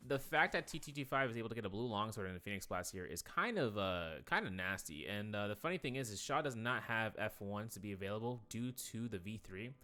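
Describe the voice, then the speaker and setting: A man commentating an esports match play by play, rattling off quick calls and drifting into rambling asides full of fillers. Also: fairly low pitch, expressive, pushed and bright.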